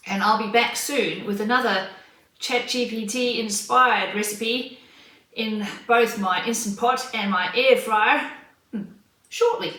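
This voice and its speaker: A cooking vlogger with a fairly high, bright, forceful voice narrates casually and unhurriedly while cooking and tasting in her roomy home kitchen. The mic is distant, and faint kitchen noise can be heard.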